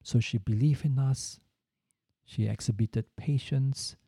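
A man's voice: mid-range voice, steady tone, slow pace, mellow, slightly rough, no room sound, clean studio sound. A middle-aged man giving an earnest, reflective storytelling talk, repeating points for emphasis. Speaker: speaker.

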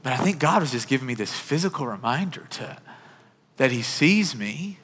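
A man's voice: mid-range voice, expressive, moderate pace, a bit bright, breathy edge. A man in his thirties preaching a sermon, telling a personal story in an earnest, conversational way. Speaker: pastor. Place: church auditorium. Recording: church hall reverb.

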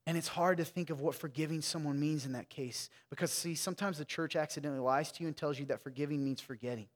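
A man's voice: on the high side, fairly even intonation, quick pace, big-room sound. A man preaching a sermon as pastor, frank and joking, talking to his congregation in a conversational way. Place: church sanctuary.

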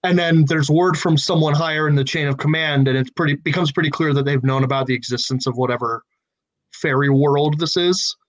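A man thinking out loud in a relaxed writers' brainstorm, building plot ideas one step at a time. His voice sits a touch high for a man. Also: brisk, poor audio. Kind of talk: casual creative brainstorming.

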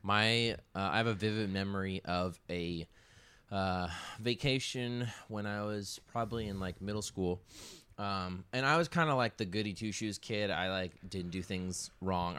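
A man sharing childhood memories in casual chat, laughing often and clearing his throat. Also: on the low side, fairly bright tone.

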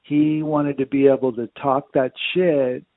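A man's voice: medium pitch, little pitch movement, a little slow, no echo. A man hosting a casual chat, telling his own profane anecdote. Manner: short backchannel replies, profane anecdote. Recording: dry tinny phone-like sound.

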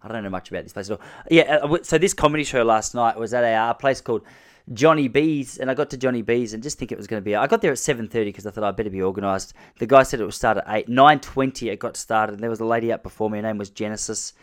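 A man's voice: mid-range voice, fast. A man from Australia with an Australian accent, telling wry, chatty comic stories as a vlogger. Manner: chatty, wry, many restarts and quoted voices. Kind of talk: casual comic storytelling.

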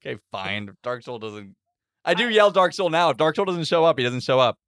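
Animated, playful man playing a tabletop game. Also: fairly high pitch, a little fast, clear, resonant tone, dry recording. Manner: playful, animated, laughs often. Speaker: player. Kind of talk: casual tabletop game play.

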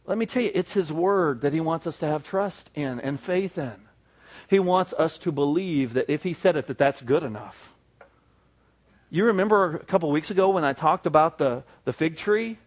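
A man's voice: fairly high pitch, normal speed. A male pastor preaching a sermon to a congregation, building to emphatic peaks with repeated phrases.

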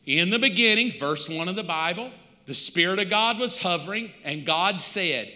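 A man's voice: sits high, animated, normal speed, bright, forceful tone, big-room sound. A male pastor, preaching in a conversational, storytelling way with touches of humor. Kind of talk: sermon.

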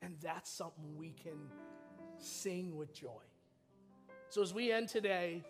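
A man's voice: sits high, slow, faint music behind. A male pastor preaching a sermon in a church, telling a personal story with feeling. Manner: storytelling, emotional, animated. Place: church sanctuary.

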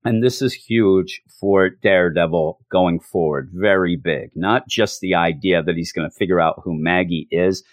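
A man giving an animated, emotional recap of a show, with frequent restarts. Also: low voice, moderate pace, hardly any pauses, dry recording, studio quality. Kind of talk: casual episode recap.

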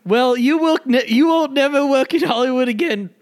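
A man voicing a pompous celebrity director, putting on a high, affected accent and rambling self-importantly. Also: moderate pace. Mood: blustering.

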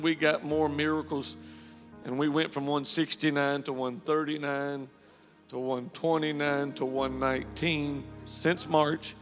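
Gravelly preacher in a church hall. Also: male voice, a little high, fairly bright tone. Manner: storytelling, emotional, rising to fervent praise. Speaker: pastor. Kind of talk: sermon. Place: church sanctuary.

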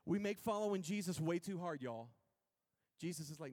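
Male pastor, slightly high voice, laid-back sermon delivery with big swings from soft to loud, prompts the congregation to repeat after him. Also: lively intonation, normal speed. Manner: swings between hushed intimacy and loud emphatic preaching; calls on the congregation to repeat words.

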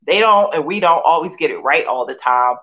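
A woman's voice: low-pitched, lively intonation, brisk, a bit bright, lo-fi sound. A middle-aged woman from Philadelphia sharing her faith testimony as a guest, emotional and repetitive, firing off rhetorical questions. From Philadelphia, USA. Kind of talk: candid personal testimony.

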